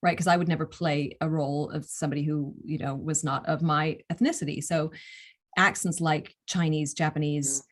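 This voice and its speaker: A woman's voice: low-pitched, fairly even intonation, normal speed. A young American woman, an audiobook narrator, answering interview questions in a thoughtful, step-by-step way. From United States. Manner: thoughtful, explains step by step with small restarts.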